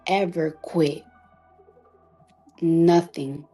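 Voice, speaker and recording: A woman artist delivering an emotional, defiant monologue on a live audio chat, repeating herself for emphasis, swearing freely and sometimes dropping to a hushed whisper. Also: lowish voice, soft background music. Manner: emphatic, defiant, repetitive, profane; slows to a hushed whisper at times. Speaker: recording artist.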